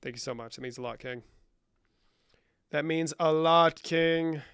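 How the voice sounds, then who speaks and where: A man's voice: fairly high pitch, unhurried, fairly bright tone, clean tone, dry recording, clean studio sound. A young man chatting on a live stream, bantering with viewers in a profane, joking way and slipping between English and Spanish. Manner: profane, bantering, answers chat questions aloud. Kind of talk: casual live-stream chat.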